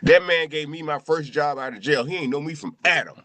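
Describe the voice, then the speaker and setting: A man's voice: on the high side, fairly quick, fairly bright tone, no echo. A middle-aged man telling a loose, profane story among friends, repeating his phrases as he goes. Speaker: show crew member telling a memorial story.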